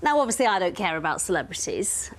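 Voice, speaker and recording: A woman's voice: fairly low pitch, very animated, fast, slight background noise. A woman presenting and reporting for regional TV news, playful and chatty.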